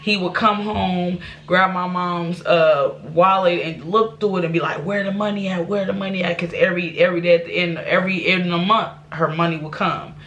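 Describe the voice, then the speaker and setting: A woman's voice: lowish voice, fairly even intonation, moderate pace, hardly any pauses, fairly bright tone, dull audio, slight background noise. A woman vlogger telling a personal life story to her viewers, candid and rambling, with restarts and asides. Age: adult.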